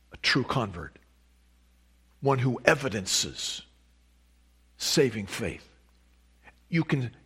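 Slow, deliberate male preacher. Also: fairly low pitch, fairly bright tone, breathy edge. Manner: slow, deliberate preaching with emphatic rises on key words. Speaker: pastor. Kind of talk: sermon.

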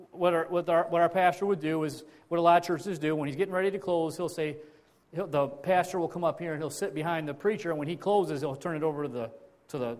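Storytelling male pastor, fairly high voice. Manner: conversational storytelling with many restarts and repetitions. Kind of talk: sermon.

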